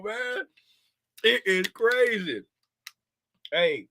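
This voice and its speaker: Lively, bright-voiced man in his fifties. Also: sits high, extremely slow, pauses often, dry recording. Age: 50s. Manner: animated, joking, slangy, laughs often. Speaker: host of a trading livestream. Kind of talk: casual livestream chat.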